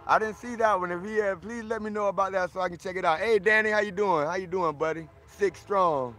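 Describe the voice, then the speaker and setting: A man's voice: high voice, a little fast, pushed and bright, faint music behind. A man from Florida hosting a casual livestream, boisterous and friendly, greeting viewers by name as he answers their comments.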